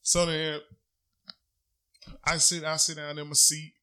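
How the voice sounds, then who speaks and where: A man co-hosting a casual podcast, telling a story in a loose, profane and animated way. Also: on the high side, slow pace, clear, resonant tone. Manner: profane, animated storytelling, loud when riled. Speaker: podcast co-host.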